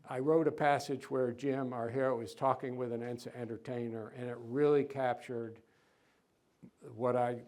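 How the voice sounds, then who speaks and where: Man lecturing, relaxed and conversational. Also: mid-range voice, moderate pace. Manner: conversational, with fillers and small chuckles, reads quotes with lifted voice. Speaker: author giving a museum lecture. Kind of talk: public lecture with read-aloud passages. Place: lecture hall.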